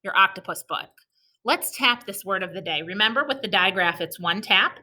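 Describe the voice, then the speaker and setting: A woman teaching an early-reading lesson to young children in a recorded video, sounding out each letter slowly and patiently and praising them. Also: medium pitch, bright, forceful tone.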